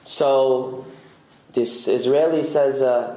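A man's voice: medium pitch, slow, warm tone, reverberant, poor audio. A man telling a story aloud, acting out the dialogue with animation. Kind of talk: oral storytelling.

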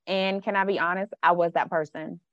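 A woman's voice: on the low side, fairly even intonation, fairly quick, fairly bright tone, no room sound, muffled recording. A woman life coach, talking frankly and emphatically in a casual podcast chat. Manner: frank, emphatic, slips into dialect and quoted voices.

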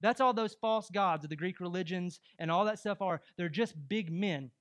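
A young adult man preaching a sermon as pastor, emphatic and rising to loud exhortation. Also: high voice, normal speed.

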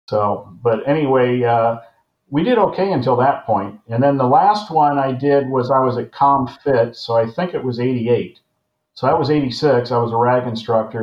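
An older man in his sixties recalls his flying days in a loose, rambling way, breaking into chuckles. His voice sits at an everyday pitch, and the audio is roomy and somewhat dull. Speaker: former naval aviator guest. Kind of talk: casual storytelling.

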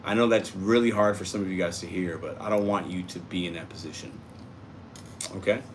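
A man's voice: deep voice, steady tone, a little fast, noisy background. Upbeat man chatting on a livestream. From Puerto Rico. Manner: upbeat, chatty, reacts to viewer comments. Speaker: livestream host reading chat. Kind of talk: casual livestream chat.

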